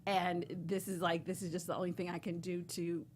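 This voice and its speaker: A woman's voice: fairly low pitch, flat delivery, fairly quick, slight background noise. A woman co-hosting a casual TV recap chat, enthusiastic and gushing, quoting the show with laughs. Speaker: co-host.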